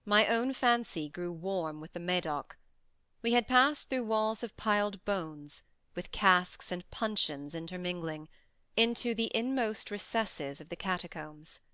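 A woman narrating a classic short story as an audiobook, in measured, steady storytelling. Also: mid-range voice, clean tone, no room sound. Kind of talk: scripted narration.

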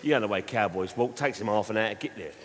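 On a live theatre stage, a comedian performs stand-up, telling rambling anecdotes in a conversational way. His voice is lowish and fast, and the recording has the reverb and noise of a live hall.

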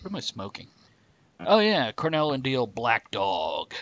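A man's voice: mid-range voice, huge pitch swings, unhurried, fairly bright tone, highs cut off. A man hosting a casual podcast chat, rambling and teasing with frequent laughs. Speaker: host.

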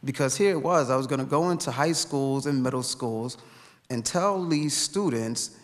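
A man's voice: mid-range voice, moderate pace. A man from Brooklyn giving an earnest personal tribute speech, telling his story with some repetition. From Brooklyn, New York. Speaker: speaker at a memorial event. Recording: long hall reverb.

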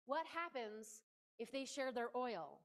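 A woman's voice: on the high side, big pitch swings, slow pace. Chatty, playful woman preaching. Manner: playful, chatty and emphatic, with asides to the listeners. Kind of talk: conversational sermon. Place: church.

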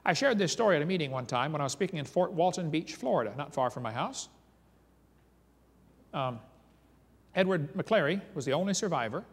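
Pausing often, a man with a fairly high, slightly rough voice lectures briskly at a creation seminar. He tells dramatic stories and reads eyewitness accounts aloud with animated emphasis, while long reverb from a large hall or church fills the recording.

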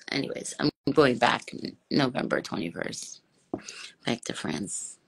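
Woman, live stream chat, deep voice, unhurried, mixes in French and Spanish. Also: sing-song, gravelly, slightly rough. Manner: chatty, switches between English, French and Spanish.

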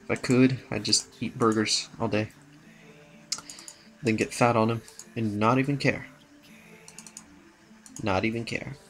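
Young man, gravelly, low-pitched, rambling game commentary, faint music behind. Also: steady tone, a little slow, pauses often, fairly bright tone. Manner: rambling, mumbling, playful asides. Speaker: gaming channel host. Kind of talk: casual gameplay commentary.

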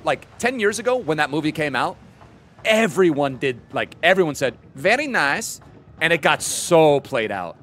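A man's voice: a little high, fairly bright tone, a little hiss or hum. A young man streaming games and chatting casually with his viewers in a laid-back way. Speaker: game streamer.

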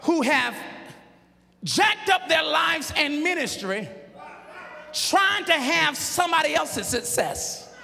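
Gravelly high-voiced preacher shouting. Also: male voice, lively intonation, slow, pauses often, slight background noise. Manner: emphatic shouted preaching, colloquial and joking. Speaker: pastor. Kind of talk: sermon. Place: large church sanctuary with a congregation. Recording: live church sermon with long hall reverb.

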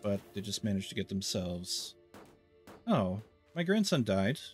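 A man's voice: on the low side, big pitch swings, unhurried, faint music behind. A man hosting a strategy game let's play, making wry, rambling commentary full of fillers and asides. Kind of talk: casual gameplay commentary.

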